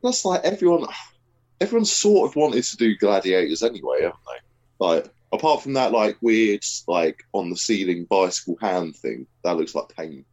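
Low-voiced man with a swooping pitch. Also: big pitch swings, moderate pace, a little mellow, highs cut off. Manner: hesitant, lots of "like", pitch jumps high. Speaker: guest. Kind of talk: casual chat.

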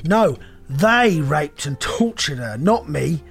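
A man's voice: a little high, big pitch swings, takes it slowly, vocal fry, soft background music, full character voice. A man doing a blustering, arrogant detective. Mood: defiant. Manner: boastful, sneering, blustering. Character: arrogant greedy male private detective.

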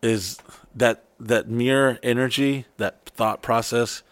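Profane animated male podcast host. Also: medium pitch, slow pace, no echo. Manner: profane, animated storytelling with mock voices. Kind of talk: casual podcast chat.

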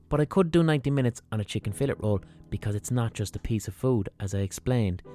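An Irish man hosting a podcast, telling a rambling, swearing comic monologue. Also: mid-range voice. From Ireland. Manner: rambling, swearing, animated storytelling. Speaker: podcast host.

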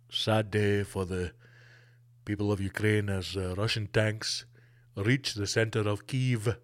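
A man putting on the voice of a solemn male TV news reporter covering a war scene, low and hushed.

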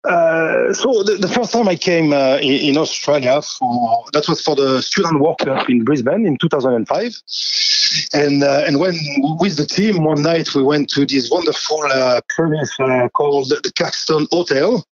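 Halting Frenchman with a strong accent. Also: fairly high pitch, no room sound, muffled recording. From France. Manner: hesitant, halting, laughs at himself. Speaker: guest, rugby league coach and media manager. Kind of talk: casual interview.

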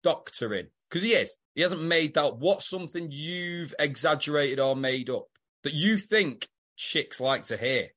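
A British man on a podcast, chatting casually and joking as he recaps a soap episode. His voice swings widely in pitch, lively and playful, sitting a little high for a man. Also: a little slow. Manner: joking, animated, swears freely. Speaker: podcast co-host.

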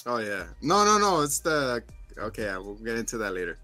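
Bright-voiced animated man recapping a show. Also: mid-range voice, fairly quick, no echo, faint music behind. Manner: animated, acts out scenes in quotes, laughs. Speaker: podcast co-host. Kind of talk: casual recap chat.

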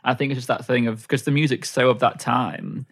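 A man's voice: mid-range voice, fairly even intonation, a little fast, slightly rough. A man co-hosting a casual film discussion podcast, often chiming in agreeably. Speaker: podcast co-host.

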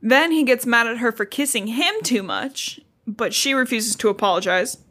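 A woman's voice: a little high, moderate pace, a bit bright. Sarcastic woman recapping a book. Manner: sarcastic, swearing, lots of "like". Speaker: podcast co-host recapping a book. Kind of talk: casual chat.

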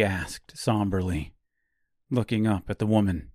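Slow, measured male audiobook narrator. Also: fairly low pitch, dry recording, clean studio sound. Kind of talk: dark fantasy audiobook narration.

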